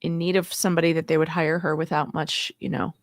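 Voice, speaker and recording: A woman guest on a live stream, chatting casually and relaxed with plenty of fillers. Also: low-pitched, quick pace, dry recording, studio quality.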